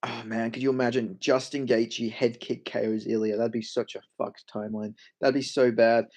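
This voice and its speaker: A man's voice: mid-range voice, flat delivery, moderate pace, a little mellow. A young Australian man on a casual livestream, joking, swearing freely and answering his chat. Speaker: MMA streamer.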